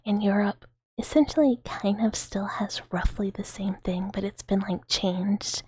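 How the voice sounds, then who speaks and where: Giggly breathy whispering woman. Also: mid-range voice, steady tone, a little slow, a little mellow. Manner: giggly, rambling, full of "like". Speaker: ASMR streamer. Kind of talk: whispered ASMR stream chat. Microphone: close ASMR microphone.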